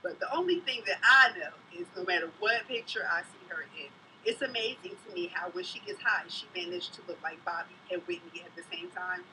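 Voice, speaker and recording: A woman's voice: fairly low pitch, brisk, distant mic, background noise. A mother vlogging in casual chat, gossiping bluntly and telling stories in an outspoken way.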